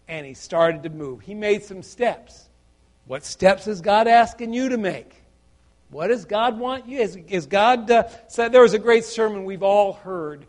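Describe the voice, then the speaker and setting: Slow, high-voiced male preacher. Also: a little mellow. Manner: halting, restarts and repeated words; earnest, asks the listeners questions. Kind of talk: sermon.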